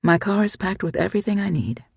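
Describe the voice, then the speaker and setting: A reader doing a wary young woman left behind in an emptied town, answering in careful, hesitant lines. The voice is husky and sits close on a dry mic. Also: mid-range voice, lively intonation, fast, no echo, voice pushed up. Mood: guarded. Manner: hesitant, guarded replies. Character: young woman staying in an evacuated town, anxious.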